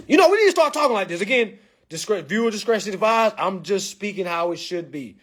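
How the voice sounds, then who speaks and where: A man's voice: high voice, very animated, fairly quick. A man holds forth in a profane monologue. He talks bluntly and provocatively, lecturing his listeners like a preacher. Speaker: vlog commentator. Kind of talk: ranting monologue.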